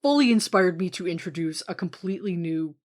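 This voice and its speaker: A woman's voice: on the low side, animated, brisk. A woman co-hosting a podcast, chatting casually and enthusiastically about a film, laughing often and trailing off into fillers. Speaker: podcast co-host.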